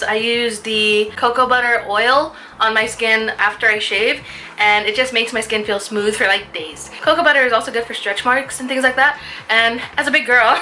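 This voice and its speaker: A woman's voice: a little high, pushed and bright. A young woman chatting casually in a beauty haul vlog, often laughing at herself. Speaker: beauty vlogger.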